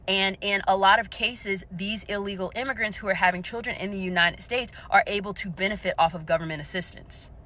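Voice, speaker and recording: A woman's voice: medium pitch, a little fast, hardly any pauses, sharp tone. A woman giving assertive political commentary, emphatic and lecturing in tone. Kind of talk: opinion commentary to camera.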